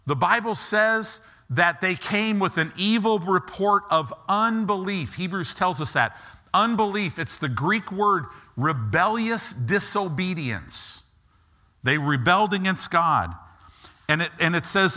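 A middle-aged man preaching a sermon, animated and acting out quick asides as he talks. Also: fairly high pitch. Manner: animated, acts out God and people in quick asides.

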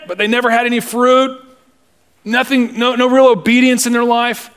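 A male pastor preaching a sermon, emphatic and deliberate, with humorous asides. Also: very high-pitched, fairly bright tone.

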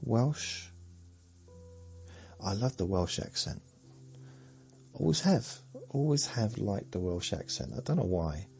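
Male host, gravelly and unhurried, meandering bedtime ramble that trails off. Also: fairly low pitch, animated, darkish tone, faint music behind. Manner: meandering, muttered asides, trails off. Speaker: sleep podcast host.

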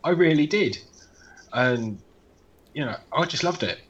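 A man's voice: on the high side, lively intonation, measured pace, muffled recording. A man from the UK co-hosting a casual podcast chat, giving blunt, dismissive opinions with free swearing. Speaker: podcast co-host. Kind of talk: casual horror movie chat.

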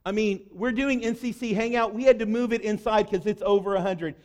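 A male pastor giving a conversational sermon, acting out the quoted lines with lively energy. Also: high voice, fairly quick. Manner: conversational, animated preaching with acted quotes.

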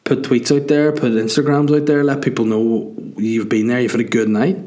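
A man's voice: mid-range voice, flat delivery, normal speed, dark tone. A young man, a comedian hosting his own podcast, chatting casually in a rambling, self-mocking, sweary way and sounding tired. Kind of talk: casual solo podcast chat.

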